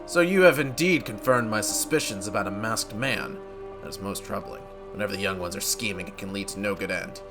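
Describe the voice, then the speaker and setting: A man voicing a weary older male elder, speaking in a grave, measured, old-fashioned way. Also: on the low side, lively intonation, music in the background. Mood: solemn. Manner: grave, measured, archaic speech.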